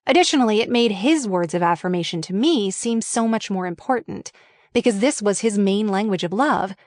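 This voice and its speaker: A woman's voice: medium pitch, lively intonation, fairly quick, no echo. Frank, wry woman reading her memoir.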